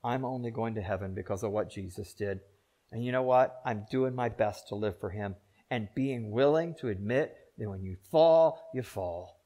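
An older man preaching a sermon as pastor, rising to loud emphatic peaks and dropping to soft, slow, drawn-out pleas. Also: on the low side.

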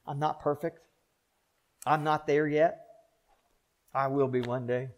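An older man preaching a sermon as pastor, rising to loud emphatic peaks and dropping to soft, slow, drawn-out pleas. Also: a little high, steady tone.

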